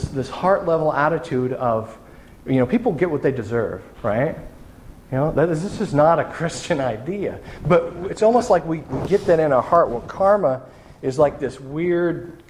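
A man's voice: on the high side, darkish tone, a little hiss or hum. Casual conversational male preacher. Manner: casual, conversational storytelling with many restarts. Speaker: pastor. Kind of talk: sermon.

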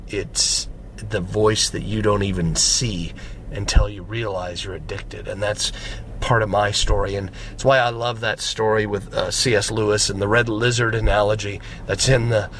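Man, casual conversational preacher; low voice, faint background noise. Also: fairly bright tone. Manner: conversational, checks in with "right?". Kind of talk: sermon.

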